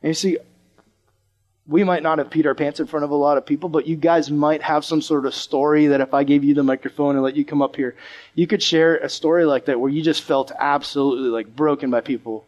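High-voiced man telling a story in a sermon. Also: fairly quick, dull audio. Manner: animated, acts out the voices of the people in his stories. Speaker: preacher. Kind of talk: storytelling sermon to a live audience.

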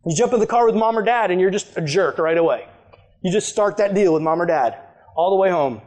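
A man's voice: high-pitched, animated, brisk, a little mellow. A young adult man, a youth pastor, preaching a conversational, emphatic sermon to a youth group.

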